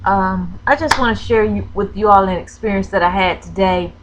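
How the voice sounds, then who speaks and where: Speaking at normal speed in a mid-range voice, a Florida woman who does crafting vlogs recounts something personal while close to crying. She stumbles through it with ums and corrections, and there's noise in the background.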